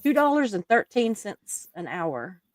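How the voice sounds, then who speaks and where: A woman's voice: medium pitch, very animated, measured pace, no echo, studio quality. A woman with an accent hosting a live stream, reading viewer comments aloud and laughing often. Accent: non-native English accent.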